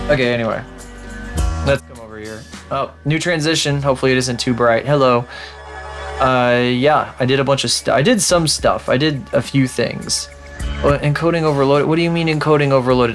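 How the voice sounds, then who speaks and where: A man talks casually into a desk microphone at his home streaming setup, rambling and self-deprecating as he scolds his own programs. His voice sits at an ordinary middle pitch. Soft music plays faintly underneath. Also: normal speed. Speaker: live streamer. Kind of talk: casual live-stream chat.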